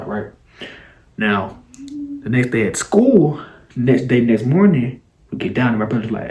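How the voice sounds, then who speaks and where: A young man casually retelling a childhood story, animated and slangy, dropping sound effects as he goes. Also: mid-range voice, moderate pace, echoey room.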